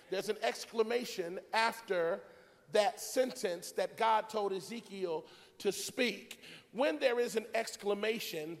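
Man, pastor, very high and gravelly, fervent rhythmic sermon, long church-hall reverb. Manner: fervent, rhythmic preaching with repetition and calls to the crowd. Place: church sanctuary.

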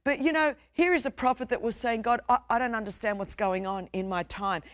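A woman's voice: on the high side, brisk, no room sound. A young adult woman with an Australian accent, preaching a sermon as pastor with a passionate, emphatic, repetitive cadence.

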